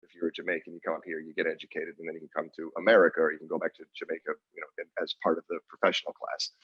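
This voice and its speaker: A man's voice: extremely low pitch, level tone, racing, husky, no room sound, dull audio. A man co-hosting a podcast in casual chat, rambling and restarting his sentences and laughing often. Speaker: podcast co-host.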